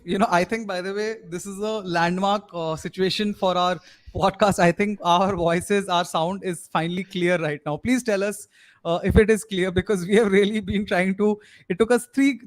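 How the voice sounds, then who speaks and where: Young indian guy with a high voice hosting a sports stream, rambles, lots of uhs, drops into hindi now and then. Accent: Indian English. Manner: rambling, many fillers, mixes Hindi with English. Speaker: podcast host. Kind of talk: live-streamed casual sports chat.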